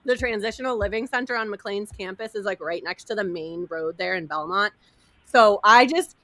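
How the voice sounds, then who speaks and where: A woman in her thirties telling a wild personal story in casual chat, animated and laughing, acting out quotes over a video call. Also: medium pitch, dry recording.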